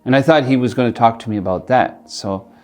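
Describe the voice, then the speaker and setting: A middle-aged man telling a personal story in an interview, earnest and reflective, pausing and restarting as he speaks. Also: medium pitch. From Alberta, Canada. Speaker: interviewee, community leader.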